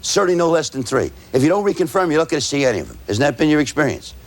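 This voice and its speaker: A man's voice: a little high, big pitch swings. A man teaching salespeople, walking through his method point by point and tagging his points with "right?". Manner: tags points with rhetorical "right?"; spells out words slowly. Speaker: sales trainer. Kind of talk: lecture to salespeople.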